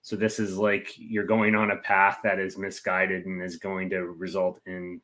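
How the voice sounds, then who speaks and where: Co-host, man, very low voice, bright edge, rambling delivery. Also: monotone, a little slow. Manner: rambling, full of "like" fillers. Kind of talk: casual chat.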